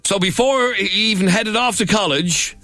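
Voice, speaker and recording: A man's voice: high-pitched, moderate pace, bright, forceful tone, no echo, faint music behind. A man hosting a phone-in talk radio show, chatty and teasing, laughing easily with callers. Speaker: radio host.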